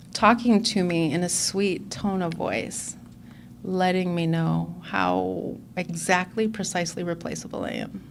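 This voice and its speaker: A woman's voice: mid-range voice, a little hiss or hum. A woman in her forties giving an earnest, candid personal testimony as a speaker at a recovery conference.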